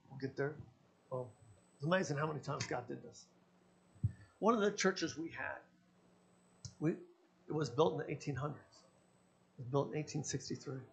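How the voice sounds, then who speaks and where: A man's voice: a little high, gravelly. A man, a pastor, preaching a sermon and telling personal stories, acting out the dialogue in them. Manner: storytelling, acting out his own quoted dialogue.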